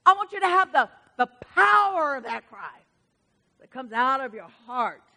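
A woman preacher delivers a sermon with passion and emphasis, her voice pitched high and bright. She swings from quiet asides to loud, fervent exclamations. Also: big pitch swings, normal speed, gravelly. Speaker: preacher to women.

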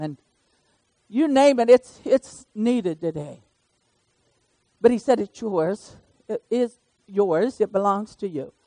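High-voiced older woman preaching folksy. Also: mellow, no echo. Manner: folksy, conversational, calls on listeners by name. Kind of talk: sermon.

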